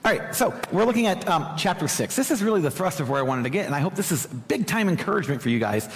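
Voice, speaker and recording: A young man giving a conversational sermon as a preacher, animated and talking straight to the congregation with asides. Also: high voice, fast. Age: young adult. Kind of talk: sermon teaching. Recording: hall reverb.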